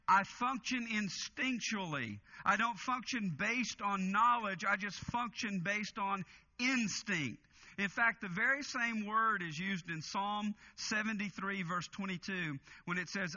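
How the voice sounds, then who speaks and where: A man with a high, very bright, piercing voice delivers an expository sermon in an earnest way, leaning on key phrases by slowing down. The sound is a little dull and lo-fi. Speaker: pastor.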